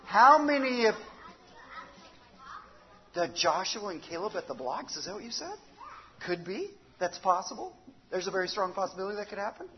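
A woman's voice: mid-range voice, very animated, moderate pace, pauses often, slight background noise. A woman leading children in a church sing-along and chat, upbeat and encouraging, coaxing the kids by name. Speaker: children's worship leader. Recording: dull lo-fi sound under loud guitar music. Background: guitar music.

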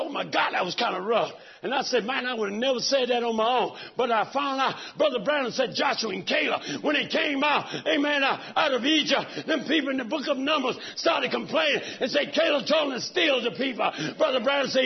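Raspy high-voiced man preaching fervently. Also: expressive, brisk, dull audio. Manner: preaches fervently, swinging from soft talk to shouts. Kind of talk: sermon. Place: church sanctuary.

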